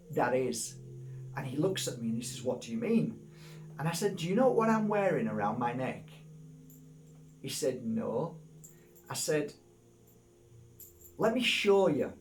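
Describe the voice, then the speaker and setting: A man, a crystal healer, chatting casually and enthusiastically as he shows a stone and tells a rambling story. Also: a little high. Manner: enthusiastic, rambling, repeats words. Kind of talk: casual unboxing talk with storytelling.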